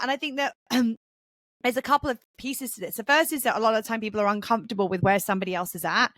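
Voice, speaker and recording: A woman's voice: a little high, quick pace, dry recording. Chatty woman on a dry remote call. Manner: rambling, animated, acts out quoted voices. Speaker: podcast co-host. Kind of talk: casual conversational podcast.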